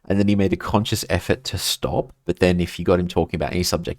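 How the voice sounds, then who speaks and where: Australian male streamer, low voice, chatty and rambling, dry close sound. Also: fairly even intonation, fast, dry recording. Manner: rambling, chatty, reads chat aloud. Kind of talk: casual chat while gaming.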